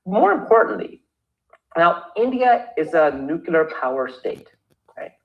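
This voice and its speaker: A man from Canada, a lawyer talking as a podcast guest, animated and acting out the voices he quotes, often restarting his sentences. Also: a little high, unhurried, creaky, muffled recording. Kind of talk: podcast interview conversation.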